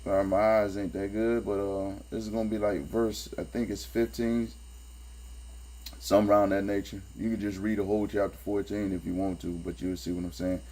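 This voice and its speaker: A man's voice: level tone, fairly quick, dark tone. Streetwise sarcastic man, humming recording. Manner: streetwise, sarcastic, emphatic, repeats phrases. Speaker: commentator reading and critiquing scripture. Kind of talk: casual spoken commentary. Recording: low electrical hum behind the voice.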